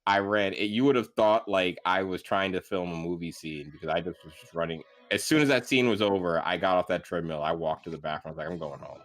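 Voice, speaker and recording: A man guesting on a casual roundtable, telling self-mocking stories that trail off low. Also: quick pace, few pauses, fairly bright tone. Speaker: guest dungeon master.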